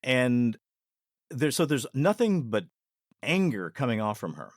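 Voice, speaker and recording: A man, a podcast guest and former ER nurse, telling a paranormal experience in an earnest, deliberate way that takes its time. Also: mid-range voice, sing-song, no room sound, clean studio sound.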